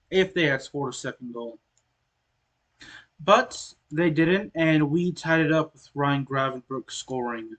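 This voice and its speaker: A man casually commentating a soccer video game he is playing, explaining the score as he goes and often clearing his throat. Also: mid-range voice, measured pace. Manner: relaxed, explains as he plays, frequent throat clearing. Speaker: gaming channel host.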